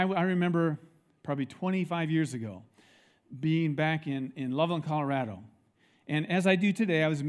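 A middle-aged male pastor preaching a sermon in a church, telling stories with lively acted-out quotes. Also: on the high side. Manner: animated storytelling, acts out quoted people.

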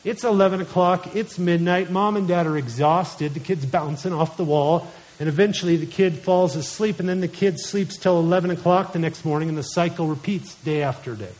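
A man's voice: fairly high pitch, brisk, a little mellow, rough recording. A man in his thirties preaching a sermon, telling illustrative stories from family life and quoting scripture in an earnest manner. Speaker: pastor.

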